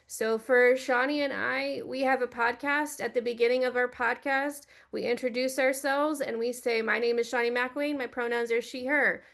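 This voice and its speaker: A woman giving an earnest, direct teaching talk for a church, speaking into a computer microphone on a video call. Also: high voice. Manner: earnest, direct, gently instructive.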